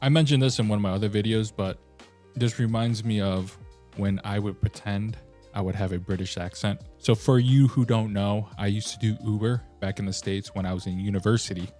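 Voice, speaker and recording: Lower-voiced man ranting animatedly. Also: steady tone, fairly quick, a little mellow, faint music behind. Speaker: host. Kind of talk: reaction video commentary.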